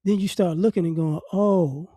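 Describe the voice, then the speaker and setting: A man with a high, dark, mellow voice and faint traces of a Southern accent, from New Orleans, gives a blunt, casual opinion monologue. He often repeats words as he works toward his point, and the recording is dry and close. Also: normal speed, dry recording. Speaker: commentary vlogger.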